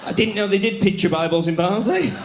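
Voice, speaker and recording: A man leading a comedy band on stage, introducing a bandmate with loud, jokey showmanship. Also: high voice, fast talker, crowd noise, background noise. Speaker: bandleader, compère. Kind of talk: live stage banter and singing. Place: live music venue on stage. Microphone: stage microphone. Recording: live concert with echo and band music.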